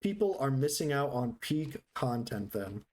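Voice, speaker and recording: A man's voice: mid-range voice, big pitch swings, a little slow, a little mellow, a little hiss or hum. A man streaming a game live, chatting casually with his viewers in a joking, sarcastic, rambling way. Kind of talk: casual live-stream chat while gaming.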